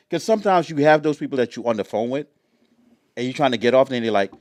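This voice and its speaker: A man on a casual podcast, telling lively stories and acting out both sides of phone calls. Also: mid-range voice, fast talker, dry recording. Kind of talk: casual chat.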